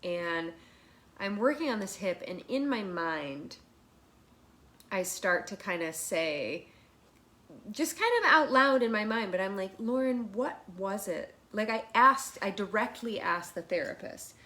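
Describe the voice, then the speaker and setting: A woman's voice: medium pitch, a little slow. Chatty woman telling a personal story. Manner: chatty, animated retelling with many fillers and restarts. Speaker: guest, massage therapist. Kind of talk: personal storytelling in a podcast interview.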